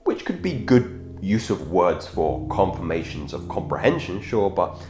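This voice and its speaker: A man hosting a self-improvement channel, giving a measured instructional talk on speaking and often correcting himself mid-sentence. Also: sits low, very animated, noisy background. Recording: echoey room with background guitar music.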